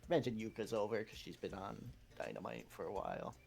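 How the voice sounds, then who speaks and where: A man's voice: fairly low pitch, big pitch swings, quick pace, gravelly, a little mellow, husky, soft background music. A man co-hosting a game stream in casual chat, cutting in with short, dry, teasing remarks.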